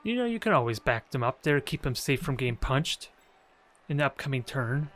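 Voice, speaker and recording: A man's voice: mid-range voice, big pitch swings, a little fast, a bit bright, faint music behind. Playful man commentating a video game. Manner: playful, jokey trash talk. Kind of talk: casual gameplay commentary.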